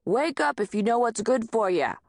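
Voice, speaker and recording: A woman's voice: fairly high pitch, lively intonation, normal speed, a little mellow, dry recording, studio quality, pitched above the performer's own voice. A woman voicing a nosy, bullying old male landlord with a thick rural Southern accent who hollers and mocks. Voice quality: hollering, mocking.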